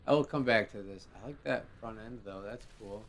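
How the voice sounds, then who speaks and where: A man hosting a live game show stream, talking casually in a relaxed, rambling way with many fillers. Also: fairly low pitch, fairly quick, slight background noise.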